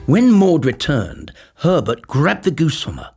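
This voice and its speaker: A man narrating a fairy tale in a playful, expressive storytelling style. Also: on the high side, unhurried, soft background music. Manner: animated, playful.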